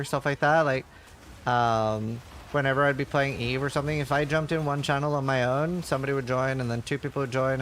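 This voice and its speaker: Heard with a little hiss or hum, this man has a medium-pitched, fairly bright voice. He's gaming on a live stream, reading chat questions out loud and rambling through casual answers thick with fillers.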